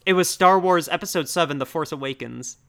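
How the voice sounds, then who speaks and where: A man's voice: fairly high pitch, fairly quick, gravelly, a bit bright, smooth. A young man co-hosting a casual podcast about films, rambling with lots of "like" fillers and easy laughs. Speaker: podcast co-host. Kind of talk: casual film discussion.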